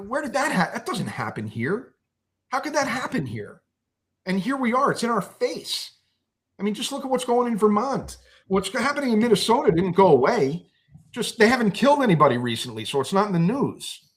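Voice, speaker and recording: Fired-up guy ranting on a podcast, kinda high voice, swears a lot, keeps restarting. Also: very animated, moderate pace. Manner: impassioned, angry, swears, restarts often. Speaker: podcast guest. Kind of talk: heated political discussion.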